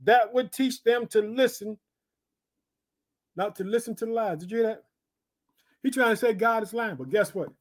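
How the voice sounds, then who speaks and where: A man with a high-sitting voice preaches from the Bible at a moderate pace, pausing often. He exhorts his listeners with frequent rhetorical questions and punctuates his sermon with bursts of interjection.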